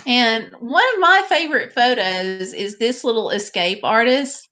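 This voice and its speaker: A woman's voice: fairly high pitch, expressive, a little slow, pushed and bright. A woman hosting a live stream, chatting casually and directly with her viewers.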